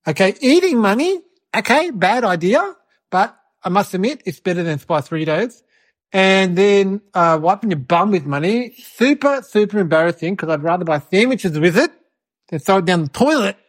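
A woman's voice: mid-range voice, expressive, moderate pace, close to an everyday voice. A woman performing a cheeky little boy in a comedy sketch, telling a rambling story with giggles and mocking impressions of his relatives.

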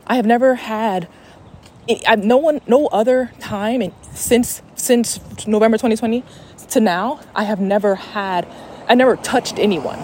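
A woman's voice: fairly high pitch, moderate pace, darkish tone, slightly rough. A young woman hosting a podcast in a casual, rambling, profane chat, recorded on a phone voice memo. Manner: chatty, profane, rambling with fillers. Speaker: podcast host.

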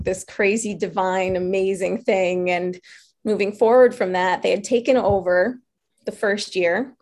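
A woman from New York telling her story casually, acting out voices and laughing often. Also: medium pitch. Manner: animated, acts out her own and others' voices in quotes; laughs often while talking.

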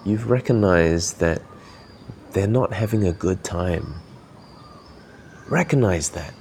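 A man's voice: low-pitched, takes it slowly, gravelly, a little mellow, slight background noise. A man from Malaysia hosting a podcast, giving earnest, encouraging coaching talk while thinking aloud. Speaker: podcast host.

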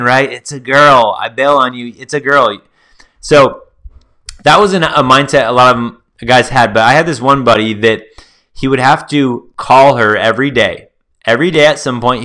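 A man hosts a solo podcast in a bright, forceful, mid-range voice. He's chatty and casual, spinning stories and talking straight to his listeners, whom he calls "guys."

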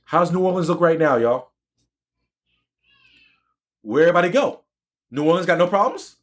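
Male educator, slightly higher voice, emphatic and preachy, repeats phrases for effect. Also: animated, normal speed. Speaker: educator and physician. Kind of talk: live-streamed motivational talk.

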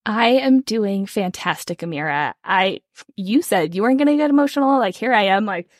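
An enthusiastic woman in her thirties talks as a podcast guest, throwing in lots of likes. Her pitch is ordinary and middling, and the sound is close and dry. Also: animated, normal speed, dry recording. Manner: enthusiastic, warm-hearted, says like a lot. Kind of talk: casual podcast chat.

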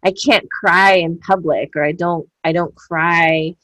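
A woman's voice: lowish voice, unhurried, no echo, poor audio. Candid woman telling stories, dry sound. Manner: candid, animated storytelling with frequent fillers and acted-out quotes. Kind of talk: casual chat.

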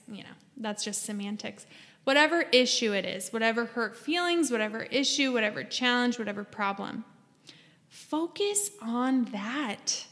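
A woman's voice: on the high side, fairly bright tone, in a large hall. A woman hosting a podcast, giving earnest, emphatic advice straight to her listeners in a casual monologue. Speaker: podcast host.

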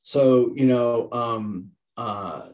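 A man's voice: medium pitch, extremely slow, a little mellow. A man in his fifties, a leadership coach guesting on a podcast, telling stories earnestly with frequent restarts and repeated words. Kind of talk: conversational storytelling.

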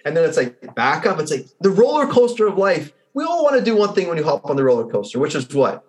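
A man's voice: fairly high pitch, fast talker, hardly any pauses. A man who works as a results coach, a podcast guest telling anecdotes and acting out the people in them. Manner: animated storyteller who acts out the people in his anecdotes. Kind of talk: conversational interview.

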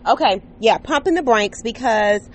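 This podcast host's voice is a little high, with lively intonation and a moderate pace, and the recording carries slight hiss or hum. Talking alone under a patio umbrella outdoors, near a neighbor's running air conditioner, she chats casually and cheerfully, frequently checking in with listeners via "okay?" and "right?".

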